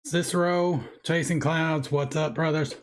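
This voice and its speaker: A man with a hoarse voice and a frog in his throat, hosting a live stream in a loose, rambling, chatty way. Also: on the high side, steady tone, a little slow, a little hiss or hum. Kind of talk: casual live-stream chat.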